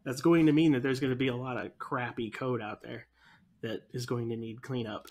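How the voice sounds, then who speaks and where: Husky-voiced earnest male co-host. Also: mid-range voice, steady tone, brisk, a little mellow. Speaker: podcast co-host. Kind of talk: casual chat.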